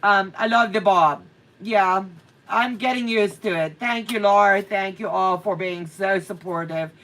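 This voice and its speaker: A woman's voice: medium pitch, measured pace, a bit bright, far from the mic. A middle-aged woman chatting casually on a livestream, telling a funny story with frequent laughs and reading viewer comments aloud. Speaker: co-host of a quilting livestream.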